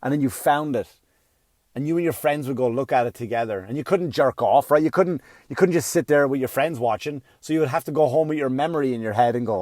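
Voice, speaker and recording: A middle-aged man doing a stand-up comedy routine, profane and ranting, swinging from muttering to yelling. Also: mid-range voice, fast, no room sound.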